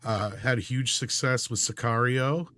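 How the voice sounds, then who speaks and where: Male co-host, mid pitch, rambling casual stream banter with plenty of fillers. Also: measured pace, sharp tone. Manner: rambling, filler-heavy, trails off low. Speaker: livestream co-host. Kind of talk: casual entertainment-news chat.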